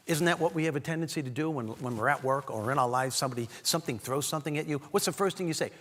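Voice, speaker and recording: A man giving a motivational keynote speech, animated and talking straight to the audience as he tells a story. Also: on the high side, quick pace. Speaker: keynote speaker. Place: large event hall. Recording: long hall reverb.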